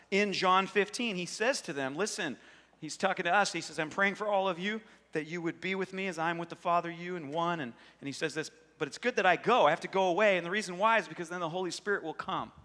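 A young man delivers a lively, conversational sermon, slipping into playful voices as he goes. His voice sits a bit high and comes across bright and forceful. It rings out with the long reverb of a large hall. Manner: animated, conversational, acts out voices. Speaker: pastor.

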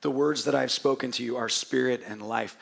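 A man preaching a sermon to his congregation in a hoarse, gravelly voice, chatty and joking, often restarting his sentences. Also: medium pitch, steady tone, brisk, fairly bright tone. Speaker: pastor. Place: church hall before a congregation.

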